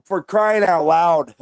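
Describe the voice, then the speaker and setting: A man on a panel, speaking haltingly and often restarting his sentences. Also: a little high, a little mellow, dry recording, clean studio sound. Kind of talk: heated panel discussion.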